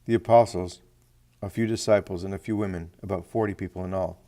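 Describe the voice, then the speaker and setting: A man reading a devotional book aloud in a steady manner, citing page numbers as he goes. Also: low voice, a little fast. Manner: steady, reads citations aloud. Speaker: reader.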